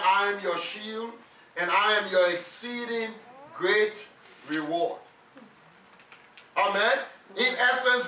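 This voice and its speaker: High, bright-voiced preacher in a roomy hall. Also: male voice, a little hiss or hum. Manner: emphatic, leads congregation in repeating phrases. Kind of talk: sermon with call-and-response. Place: church sanctuary with congregation. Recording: roomy church hall, mic at a distance.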